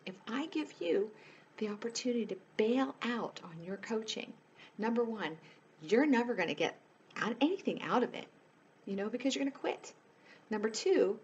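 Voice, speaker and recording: A woman's voice: mid-range voice, darkish tone, slight background noise. A woman life coach talking straight to her viewers in a casual, earnest way, pleading with them and leaning on "you know" as she goes. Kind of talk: casual direct-to-camera chat.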